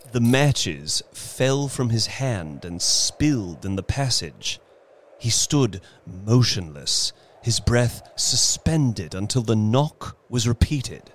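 A man narrating a horror story in a slow, hushed, suspenseful dramatic reading. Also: on the low side, a little hiss or hum.

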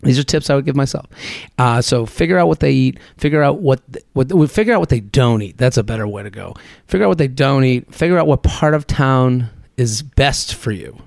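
Man in his thirties, solo podcast host, gravelly, dry close sound, chatty and rambling. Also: mid-range voice, animated, a little fast, dry recording. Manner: chatty, rambling, self-deprecating.

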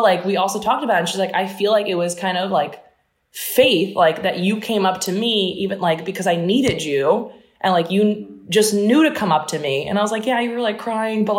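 A young woman from New Jersey, an Olympic fencer, telling stories fast and animatedly in a casual interview, full of "like" and laughs. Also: medium pitch. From New Jersey, USA. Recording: roomy echo.

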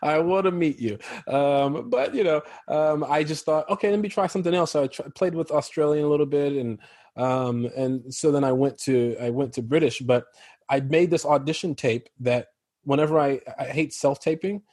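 Husky-voiced American man, dry sound. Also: fairly high pitch, moderate pace, no echo. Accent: General American. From Chicago. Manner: relaxed, laughs easily, many fillers. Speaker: actor guest. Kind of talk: casual interview chat.

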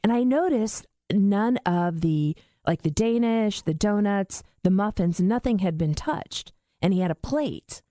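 A woman in her forties telling a story in casual podcast chat, animated and swearing freely. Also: mid-range voice, a little slow, few pauses, no echo, studio quality. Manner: animated, acts out voices in quotes, swears freely.

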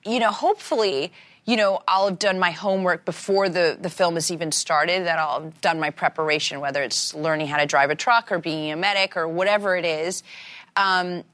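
An actress in her forties chatting in a talk-show interview, telling animated stories and acting out the quotes. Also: lowish voice, brisk. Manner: animated storyteller, acts out quotes. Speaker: actress guest.

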